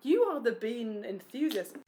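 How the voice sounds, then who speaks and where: A woman's voice: on the high side, very animated, a little slow, mellow, a little hiss or hum. A young woman co-hosting a podcast, chatting casually and telling stories with lots of giggling and self-mockery. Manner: giggly, storytelling, self-mocking. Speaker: podcast co-host. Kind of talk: casual chat.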